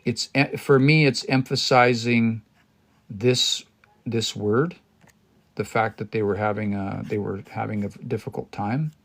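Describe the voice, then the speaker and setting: A man's voice: lowish voice, steady tone, unhurried, fairly bright tone. A man teaching a language on a livestream, thinking aloud and explaining word by word, with many restarts and hesitations.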